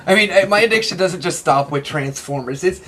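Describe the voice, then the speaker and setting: Excitable fast-talking man. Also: high-pitched. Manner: excitable, rambling, laughs often. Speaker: interview guest, toy collector. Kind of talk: casual interview chat.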